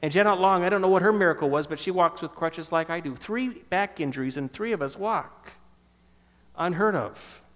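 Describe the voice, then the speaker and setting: A man in his fifties telling a personal testimony in sermon style, emotional and storytelling, dropping softer at tender moments. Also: high voice, moderate pace, big-room sound. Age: 50s. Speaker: speaker giving a testimony.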